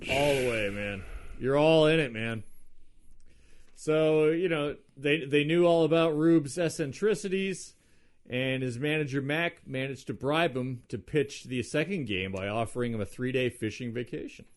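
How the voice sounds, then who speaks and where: A man's voice: medium pitch, unhurried. A man co-hosting a podcast, rambling and teasing his friends in casual chat. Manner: rambling, teasing, many fillers. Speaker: podcast co-host.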